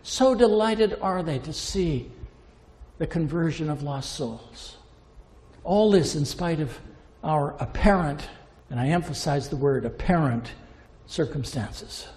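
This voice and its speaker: A man with a high, mellow voice preaches a sermon in a hall with a long reverb. He swings from emphatic, impassioned peaks down to low, hushed lines. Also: expressive, unhurried.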